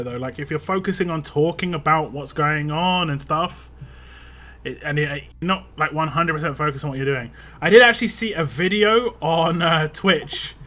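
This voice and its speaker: A young man with a voice a bit rough after a drink, chatting casually and rambling while live-streaming a game and reading chat. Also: a little high, bright, forceful tone. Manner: rambling, chatty, laughs often, reads chat aloud.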